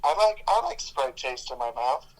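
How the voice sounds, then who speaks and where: A man co-hosting a casual comedy podcast, tossing in quick jokes and laughing often. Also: medium pitch, lively intonation, rough recording. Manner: quick jokey interjections, frequent laughter. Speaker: podcast co-host.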